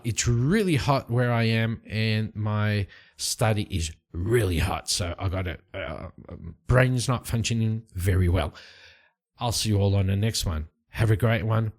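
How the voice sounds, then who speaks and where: A man casually narrating his solo tabletop roleplaying game from his home study, relaxed and rambling. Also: on the low side. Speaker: solo tabletop game player and channel host.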